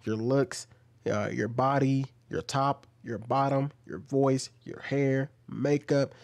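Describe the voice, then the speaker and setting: A man's voice: mid-range voice, steady tone, slow, vocal fry, a little mellow. Argumentative man ranting over clips. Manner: argumentative, rising into heated ranting. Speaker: commentator reacting to clips. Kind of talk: reaction video commentary.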